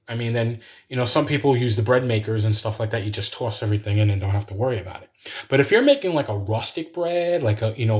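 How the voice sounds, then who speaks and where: A man chatting to viewers in a rambling way while he cooks live in his home kitchen. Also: mid-range voice. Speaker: home cook hosting a live cooking stream. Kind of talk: casual live cooking demo with chat.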